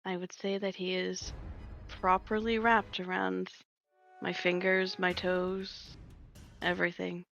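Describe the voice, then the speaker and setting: A woman playing a tabletop game, narrating her character in a hesitant, halting way. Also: lowish voice, flat delivery, vocal fry, a bit bright, soft background music. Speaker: player. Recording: dull lo-fi audio.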